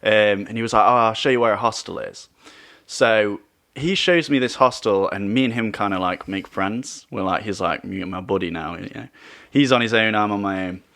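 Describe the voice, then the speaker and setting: Male podcaster, lower register, loose chatty storyteller who goes quiet at the grim bits. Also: normal speed. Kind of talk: casual podcast chat.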